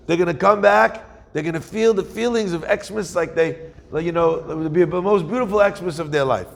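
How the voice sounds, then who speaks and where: Man, rabbi, sermon storytelling, gravelly voice, long hall echo. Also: fairly high pitch, brisk. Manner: animated storyteller, acts out quoted voices.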